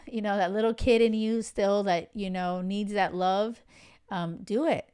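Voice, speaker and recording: A young woman hosting a solo podcast, speaking openly and warmly to her listeners. Her voice is smooth and clear, at an ordinary pitch for a woman. She leans on casual fillers and speaks from the heart. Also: fairly even intonation, moderate pace. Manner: candid, heartfelt, many "like" and "you know" fillers. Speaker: podcast host, dating coach.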